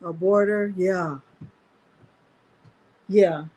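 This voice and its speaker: A woman hosting a live crafting tutorial, talking straight to her viewers in an animated, exclamatory way. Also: lowish voice, very slow.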